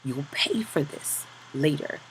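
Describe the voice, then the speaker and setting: A man's voice: on the high side, lively intonation, takes it slowly, slight background noise, rough recording. A man voicing a cold, brutal camp boss. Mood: cold menace. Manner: cold, menacing orders turning to loud barked shouts. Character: cruel, cold male camp work boss.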